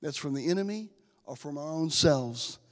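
A preacher with a high voice delivers an impassioned sermon to his congregation. He drops to a hush, then builds back to loud cries. His voice rings out with the long reverb of a church hall. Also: expressive, normal speed. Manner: impassioned, swells from soft to loud; addresses the congregation directly.

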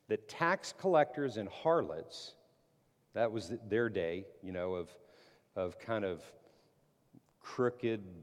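A man's voice: on the low side, darkish tone, long reverb tail. A man preaching a sermon as pastor, earnestly reading scripture aloud and building emphasis.

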